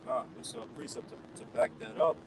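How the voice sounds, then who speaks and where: A man's voice: fast, darkish tone, low-quality recording. A man at an outdoor street gathering who reads a scripture verse and then breaks it down point by point. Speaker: scripture reader at a street camp. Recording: street noise with passing traffic.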